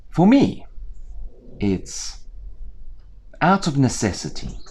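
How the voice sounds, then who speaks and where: A man storyteller talking to viewers in a lively, chatty way with playful asides, indoors on a small theatre set. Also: on the high side, takes it slowly, slightly rough.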